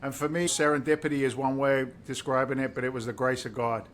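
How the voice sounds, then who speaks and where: A middle-aged man, originally from the UK, tells his story as a podcast guest. He speaks with emphatic, preacher-like conviction and a lot of feeling. A faint low rumble sits under the recording. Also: flat delivery, fast talker. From United Kingdom. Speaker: guest, real estate investor.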